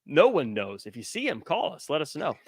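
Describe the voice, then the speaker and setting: A man's voice: on the high side, wildly swooping pitch, a little fast. A man hosting a podcast in casual chat, joking and reading viewer comments aloud into a headset mic. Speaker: podcast host.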